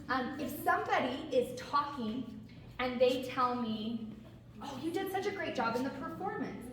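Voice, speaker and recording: A woman who works as a theater and vocal coach, giving an animated, encouraging talk to a group of kids and often asking them questions. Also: sits high. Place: room full of kids, heard from far off. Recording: echoey room, distant mic, background noise.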